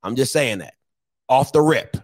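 A man hosting a sports call-in show, talking emphatically, repeating himself and sometimes shouting. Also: mid-range voice, expressive, moderate pace, dry recording, clean studio sound. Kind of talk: animated call-in show banter.

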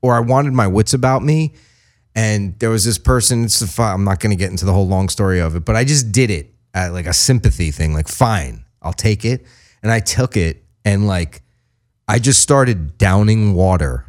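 Animated, profane man telling stories. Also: lowish voice, normal speed. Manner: animated, profane, acts out quotes in voices. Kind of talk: casual storytelling chat.

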